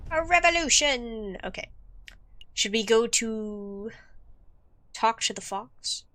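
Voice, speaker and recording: A woman's voice: medium pitch, level tone, takes it slowly, fairly bright tone. A woman streamer chatting casually and thinking aloud during a game playthrough.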